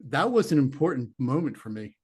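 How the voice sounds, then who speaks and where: A middle-aged man tells a personal story in an earnest, rambling way, stopping to restart his sentences and acting out what he thought at the time. His voice sits at an ordinary pitch for a man. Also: sing-song, fairly quick, a little mellow, husky. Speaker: interview guest, former police detective turned psychic medium. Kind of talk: conversational storytelling.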